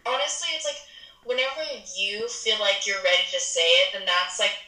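Young woman rambling about feelings, bright voice, roomy echo. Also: medium pitch, lively intonation, fairly quick, distant mic. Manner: rambling, searching for words. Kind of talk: casual chat.

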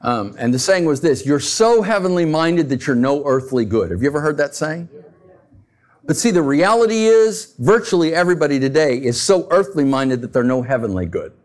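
Male pastor, slightly high voice with a wide lively range, conversational sermon full of rhetorical questions. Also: normal speed.

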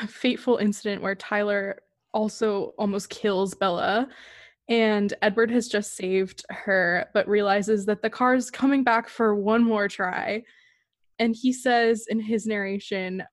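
A woman with a wry, amused manner, reading a passage and joking about it. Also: medium pitch. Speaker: book club podcast co-host. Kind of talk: casual chat, reading book passages aloud.

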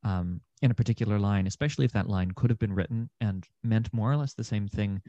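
Young guy actor on a podcast, low warm voice, lots of ums, kinda muffled dry sound. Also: fast talker, no echo. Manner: thoughtful, meandering, many fillers. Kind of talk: casual conversation.

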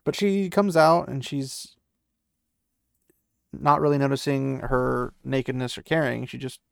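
A man's voice: mid-range voice, fairly even intonation, a little slow, gravelly, no room sound, studio quality. A man casually retelling a story and commenting on it, sarcastic and exasperated, laughing often. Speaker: book reaction host.

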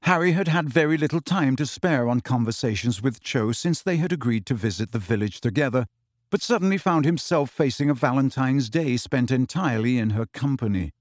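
Reading scripted narration from a novel, this male audiobook narrator keeps a measured, even delivery. He has a medium-pitched voice, captured dry and at studio quality.

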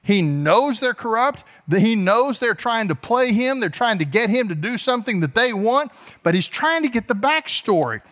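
Animated preacher explaining scripture. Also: male voice, normal speed. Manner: explains verse by verse, voices the speakers in the text; rises in pitch and force as he builds. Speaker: pastor. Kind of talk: expository sermon.

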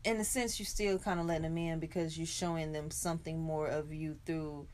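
A woman's voice: sits low, steady tone, a little fast, a little mellow. A woman co-hosting a podcast in casual chat, frank and profane, laughing often. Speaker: podcast co-host.

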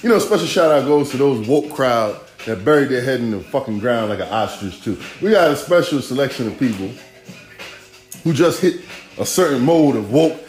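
A man's voice: mid-range voice, lively intonation, moderate pace, a little mellow. A man hosting a podcast, ranting casually in profane, rambling, rhythmic street talk. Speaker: podcast host. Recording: echoey room, faint music.

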